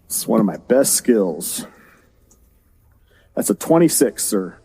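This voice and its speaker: A man with a low, dark, husky voice plays a tabletop game. He argues his points in formal, earnest wording. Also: very animated, slow pace. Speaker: player.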